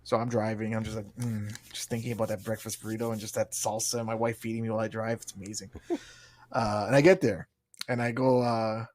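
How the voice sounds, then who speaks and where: A man's voice: on the low side, quick pace, no room sound. A man in his thirties, a podcast co-host, telling a story with lots of laughs and acting out the other people in it. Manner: animated storyteller, acts out exchanges, laughs often. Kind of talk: casual chat.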